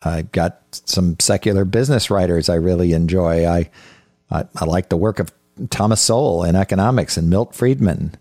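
A man with a very deep voice gives a conversational Bible teaching on his podcast. He speaks earnestly and haltingly, often repeating words as he restarts his sentences. The sound is dry, with no room echo. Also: a little mellow.

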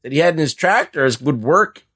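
A man's voice: a little high, lively intonation, moderate pace, pushed and bright, husky. A man co-hosting a casual podcast, rambling through movie recaps with frequent swearing and laughter. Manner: rambling, profane, laughs while talking. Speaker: podcast co-host. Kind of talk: casual chat.

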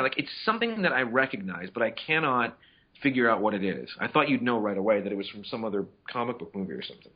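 Rambling husky man telling stories. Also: on the low side, big pitch swings, quick pace. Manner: rambling storyteller with many restarts, acts out quotes. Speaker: podcast host. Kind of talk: casual chat. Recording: dull lo-fi audio.

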